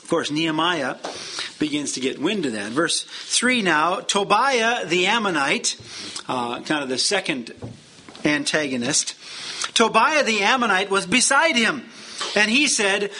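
High, bright-voiced male Bible teacher. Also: lively intonation, measured pace, a little hiss or hum. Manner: conversational, explaining with frequent fillers.

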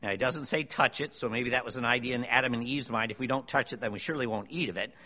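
A man's voice: mid-range voice, quick pace, bright, forceful tone. A man preaching a sermon to a congregation, emphatic and full of rhetorical questions. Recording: long hall reverb, dull lo-fi sound.

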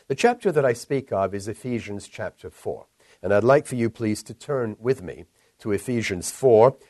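A man delivering a recorded sermon as a pastor, measured and earnest, lifting his voice when he reads scripture. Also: fairly low pitch, darkish tone, no echo.

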